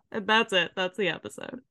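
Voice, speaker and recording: A woman's voice: mid-range voice, normal speed. A young adult woman co-hosting a podcast, casually recapping an episode with lots of swearing and laughter. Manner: swearing, laughing, animated retelling. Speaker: podcast co-host.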